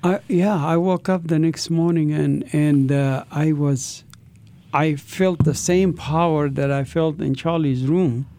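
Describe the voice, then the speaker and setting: A man's voice: fairly high pitch, takes it slowly, mellow. A man guest earnestly recounting his conversion story in an interview, often restarting his phrases. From Palestinian territories. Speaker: guest, author. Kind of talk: personal testimony in interview.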